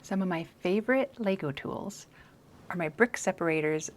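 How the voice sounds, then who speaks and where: A woman's voice: fairly low pitch, animated, normal speed, very noisy. A woman presenting a brick-building session for children in a playful, chatty way, often muttering and whispering asides to herself. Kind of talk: casual build-along narration for kids.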